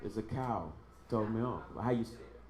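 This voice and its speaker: A man's voice: on the low side, normal speed, darkish tone, roomy sound. A man teaching a Hebrew class, patiently repeating each sound for his student. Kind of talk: online language lesson.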